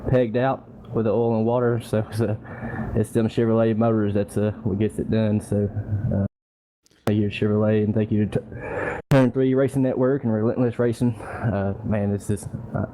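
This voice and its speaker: A man, a driver, giving a casual post-race interview, halting with many fillers. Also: lowish voice, little pitch movement, dark tone.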